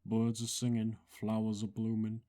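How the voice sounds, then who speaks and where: Game skeleton, male, lazy grin hiding menace; a man doing a Bronx-style accent, loud and overmouthed. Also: fairly low pitch, monotone, normal speed, lightly acted. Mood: menacing. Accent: Bronx-style put-on. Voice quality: loud, heavy lip movement.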